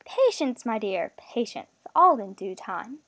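A woman voicing a menacing male villain in a storybook reading, speaking in a thin, low, sickeningly gentle way. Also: sing-song, measured pace, no room sound, exaggerated voice. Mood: mocking.

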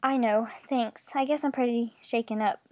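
A woman voicing a worried, tearful woman who speaks in a high, pleading way. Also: fairly even intonation, moderate pace, mellow, dry recording, close to an everyday voice. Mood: anxious.

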